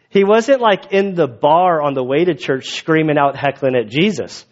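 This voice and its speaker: A man's voice: a little high, animated. A male pastor giving a casual, conversational sermon, in a dull lo-fi recording. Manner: casual, quick, conversational with restarts.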